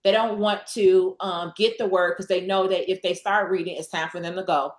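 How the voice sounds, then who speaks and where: A woman guest in a faith-based interview, telling stories with scripture references and an animated delivery. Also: fairly low pitch, normal speed, echoey room. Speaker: guest, real estate investor.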